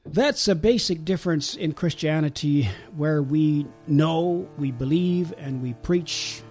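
A man calmly explaining religious ideas in a talk show discussion, pausing often with fillers. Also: a little high, soft background music. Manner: measured, explanatory, with many pauses and fillers. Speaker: guest speaker explaining Islam.

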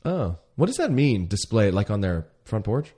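A joking man co-hosting a podcast in a loose, casual chat. He jumps in fast with quips and teasing interruptions. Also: fairly low pitch, very animated, mellow, breathy edge. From American South. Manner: jokey, quick reactions, playful interruptions. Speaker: podcast co-host.

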